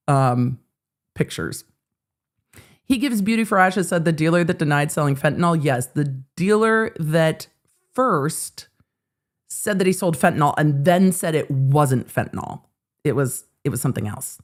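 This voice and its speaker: A middle-aged woman hosting a casual livestream of legal commentary. She chats with her viewers, swears freely and breaks into animated asides. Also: sits low. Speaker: host.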